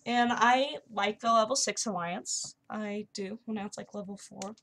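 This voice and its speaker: A young woman chatting casually and excitedly while playing a video game. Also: medium pitch, moderate pace, a little hiss or hum. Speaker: gaming YouTuber. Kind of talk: casual commentary over gameplay.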